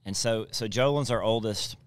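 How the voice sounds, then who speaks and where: A man who is a pastor and podcast co-host, talking casually in a relaxed, matter-of-fact way. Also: on the low side, normal speed, clean tone, no echo. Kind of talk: casual chat.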